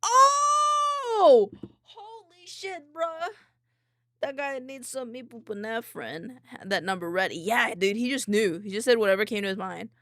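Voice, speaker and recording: A woman streamer reacting to videos in casual commentary, excitable, swearing often and laughing a lot. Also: mid-range voice, fairly quick, hardly any pauses, dry recording, studio quality.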